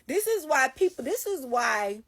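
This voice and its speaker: Husky woman telling a profane story. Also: high voice, sing-song, a little slow, a bit bright. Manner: profane, emphatic, dramatic retelling. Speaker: storyteller recounting her work night. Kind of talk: casual storytime monologue. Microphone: phone.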